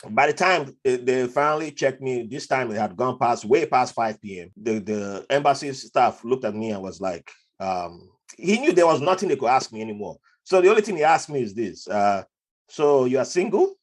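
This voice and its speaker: A man, a podcast guest telling stories from his life in a lively conversational way and slipping into other people's voices. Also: medium pitch, moderate pace, hardly any pauses. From Nigeria. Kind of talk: conversational storytelling.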